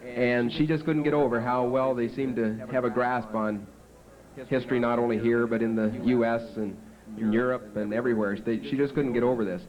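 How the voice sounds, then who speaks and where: A man's voice: medium pitch, steady tone, a little fast, muffled recording. A man with a Canadian accent emceeing a festival on stage, telling jokes and announcing winners in a folksy, punning way. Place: outdoor small-town festival stage. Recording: home video with festival crowd.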